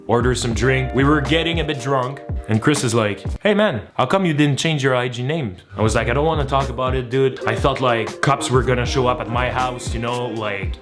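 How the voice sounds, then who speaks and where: Man, excitable vlogger, story told to camera, acts out quoted voices, music playing underneath. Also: medium pitch. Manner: excitable, retells with quoted voices, shrieks when shocked. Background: background music.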